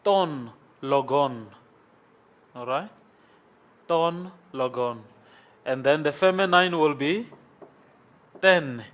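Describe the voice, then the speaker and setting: A man's voice: a little high, slow, long pauses, fairly bright tone. A man teaching Greek in a classroom, congested from sinus trouble, who patiently repeats each form and checks in with "okay?". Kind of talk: classroom lecture. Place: classroom with a board.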